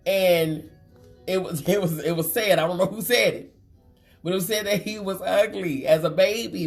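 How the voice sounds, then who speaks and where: A woman's voice: normal speed, soft background music. A woman, hosting a live chat show and reading out viewer comments with sass and frequent laughter. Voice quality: deep voice. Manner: sassy and animated, laughing often. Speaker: talk show host.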